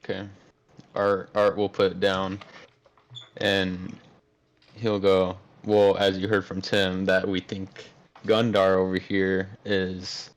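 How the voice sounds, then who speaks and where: A man with a very low, flat voice playing in a tabletop game. He speaks slowly and haltingly, stopping to search for words. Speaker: player.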